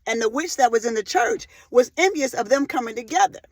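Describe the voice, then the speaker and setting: A woman in her forties giving a faith-based motivational talk, emphatic and impassioned, repeating phrases for weight and breaking into loud emotional bursts. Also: fairly high pitch, expressive, a little fast, no room sound. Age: 40s. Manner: rises to loud emotional outbursts. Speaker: motivational speaker.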